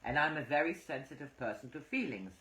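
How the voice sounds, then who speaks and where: Woman doing a heated female psychic, defensive, lively swings in pitch, echoey room. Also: normal speed, exaggerated voice. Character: outspoken female psychic medium, emotional.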